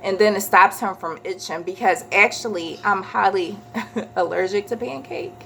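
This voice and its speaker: A woman, chatting casually as a vlogger and telling a story with animated quoted voices. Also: medium pitch, moderate pace, vocal fry, a little hiss or hum.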